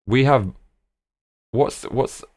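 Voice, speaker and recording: Speaking very slowly in a mid-range voice, this man hosts a relaxed live stream where he plans a trip with his viewers. Excitable, he thinks out loud and keeps repeating "look" and "bruv."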